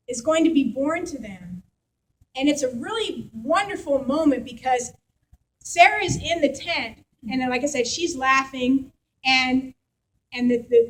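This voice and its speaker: Brief: woman pastor, high voice, chatty animated sermon to her congregation. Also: measured pace, rough recording. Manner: animated storytelling, conversational with congregation. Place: church.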